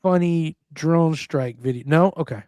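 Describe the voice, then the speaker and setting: A male stand-up comedian on a radio show, telling stories in an animated way and acting out the scenes. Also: a little high, a little slow, dry recording, studio quality.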